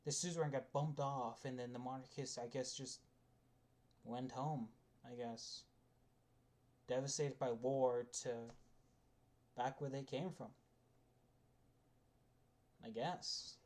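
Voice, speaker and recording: A man's voice: medium pitch, steady tone, takes it slowly, pauses often, darkish tone. Man rambling through a casual rant. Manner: rambling, with frequent restarts and swearing. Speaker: video essayist.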